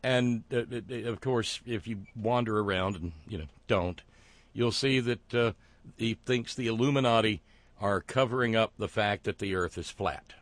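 A man hosting a talk show, delivering sardonic, wry commentary with frequent fillers and halting restarts. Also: lowish voice, dry recording.

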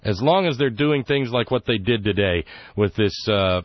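A man's voice: fairly low pitch, animated, normal speed, no echo, lo-fi sound. A man hosting a political talk radio show, indignant and sarcastic, rambling through his points with fillers.

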